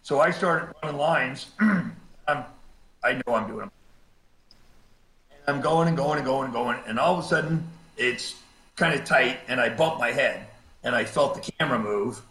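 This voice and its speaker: A middle-aged cave rescue diver tells his story in a relaxed, self-mocking way and acts out what people said. His voice sits at an average pitch with a bright edge. The room around him rings with echo. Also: normal speed. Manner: laid-back storyteller, acts out quotes, laughs at himself. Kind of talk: storytelling in a casual interview.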